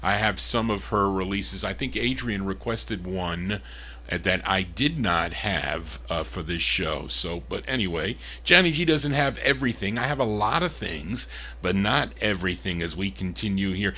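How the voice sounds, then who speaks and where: A man's voice: fairly low pitch, pushed and bright. A man hosting a live record show, chatting casually between songs in a rambling way, with fillers and restarts. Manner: rambling and chatty, with many fillers and restarts, calling himself by name.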